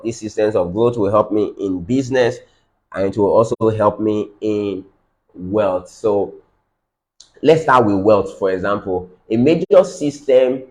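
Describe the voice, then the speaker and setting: A man's voice: lowish voice, mellow, rough recording. A man with a Nigerian accent giving a business training lecture, repeating key phrases for emphasis and checking in with his audience.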